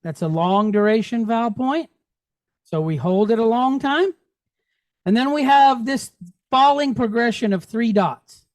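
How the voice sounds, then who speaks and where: Slow, patient man teaching. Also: high-pitched, a little mellow, no room sound. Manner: patient, checks understanding often; drills pronunciation aloud. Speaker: Hebrew teacher. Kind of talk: classroom teaching.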